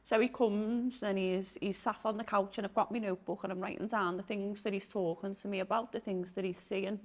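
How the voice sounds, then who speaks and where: A woman's voice: medium pitch, steady tone, a little fast. A middle-aged woman, a psychic guest, chatting casually and telling stories with lots of "you know what I mean". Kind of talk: casual interview storytelling.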